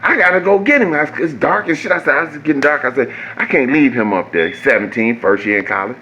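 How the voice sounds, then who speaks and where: A man, telling a profane, animated story that jumps high when he gets exasperated. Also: brisk, slight background noise. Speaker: vlogger. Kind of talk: casual storytelling.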